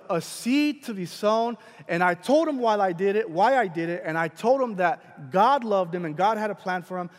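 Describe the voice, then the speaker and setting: A man preaching a sermon, telling a personal story in a casual, animated way with many fillers and restarts. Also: fairly high pitch. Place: large church hall. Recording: long hall reverb.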